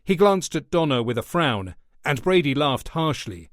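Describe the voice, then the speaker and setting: A man reading a thriller audiobook in a steady, measured way. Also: fairly high pitch, dry recording, clean studio sound. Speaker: audiobook narrator. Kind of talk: scripted narration.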